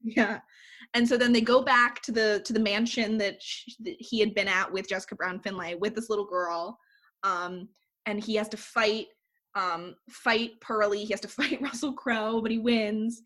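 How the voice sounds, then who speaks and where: A woman's voice: medium pitch, normal speed. Woman animatedly retelling a movie plot. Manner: animated storyteller, heavy use of "like". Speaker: podcast co-host.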